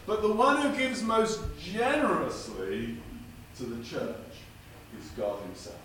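Guest preacher, animated and fairly high, distant mic in a very echoey church. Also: male voice, measured pace. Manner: lively, dramatic delivery with big pitch swings. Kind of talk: sermon with jokes. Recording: echoey church from far off with noise.

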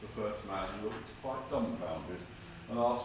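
Guest preacher, animated and fairly high, distant mic in a very echoey church. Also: male voice, normal speed, hardly any pauses. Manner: lively, dramatic delivery with big pitch swings. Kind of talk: sermon with jokes. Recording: echoey church from far off with noise.

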